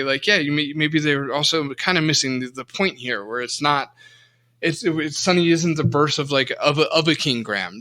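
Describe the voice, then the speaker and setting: A man co-hosts a casual podcast chat about old games, rambling and self-mocking, full of restarts and fillers. His voice is medium-pitched with a sharp tone.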